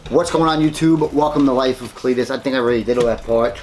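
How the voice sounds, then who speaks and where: A man hosting a casual unboxing vlog, excited and chatty, rambling about his finds. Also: medium pitch, fast talker, slight background noise. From New York, United States. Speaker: host.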